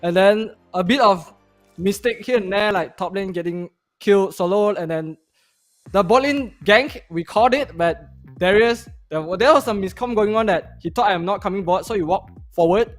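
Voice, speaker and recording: A man joining over a call as a pro player, explaining his team's games steadily and in detail with non-standard grammar. His voice sits high. Faint music plays behind. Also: moderate pace. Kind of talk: post-match interview.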